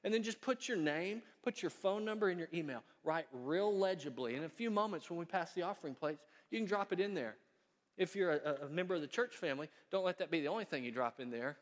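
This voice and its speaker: A man preaching a sermon as pastor in a church sanctuary, folksy and storytelling, growing quiet and earnest. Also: fairly high pitch, animated, fast. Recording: long reverb of a church hall.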